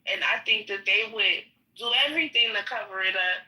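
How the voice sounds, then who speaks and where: A woman's voice: medium pitch, a little fast, bright, forceful tone, recorded from a distance, low-quality recording. Rambling woman, slightly off-mic. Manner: rambling, trailing off. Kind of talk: political discussion.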